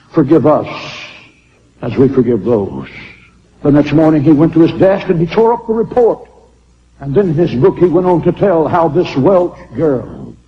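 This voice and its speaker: A man preaching a sermon, swinging from shouted lines to hushed ones as he tells a story. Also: a little high, long reverb tail, muffled recording, slight background noise.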